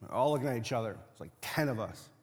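A man's voice: medium pitch, lively intonation, quick pace, long reverb tail. A young man preaching a sermon as pastor, talking in a loose, funny storytelling way. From Latino family. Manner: conversational, humorous storytelling preacher.

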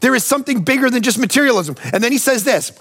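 A male pastor preaches conversationally, his notably high, slightly bright voice carrying a gravelly, frayed edge. Talking fast with lively intonation, he weaves in personal stories and presses his point by appealing directly to the congregation.

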